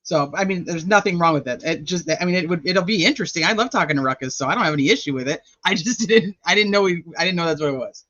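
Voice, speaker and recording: A man's voice: sits high, animated, fast, few pauses, a bit bright, no room sound, highs cut off. A man hosting a true crime channel, talking through his notes in a chatty, rambling livestream style. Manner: chatty, rambling, thinking aloud while checking notes. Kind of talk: casual livestream commentary.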